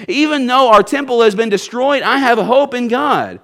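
A man preaching a sermon in a church, talking conversationally, often checking in with the congregation and dropping into soft low asides. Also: lively intonation, normal speed. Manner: conversational preaching, asks the congregation "you see?".

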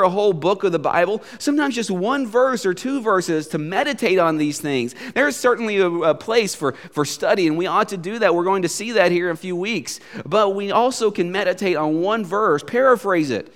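A man's voice: high voice, brisk, few pauses, long reverb tail. A man preaching a sermon as a pastor, hesitant with many fillers at first and then building to emphatic repetition.

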